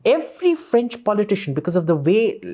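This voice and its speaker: A man's voice: sits high, sing-song, fairly quick, mellow. A man speaking bluntly and emphatically as an interview guest, often swearing. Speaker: guest commentator. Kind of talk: casual interview talk.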